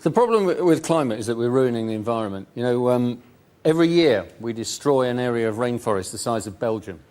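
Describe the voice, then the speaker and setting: A man's voice: mid-range voice, lively intonation, fast talker, a little mellow. A man comedian delivering dry stand-up style jokes on a panel, with ums.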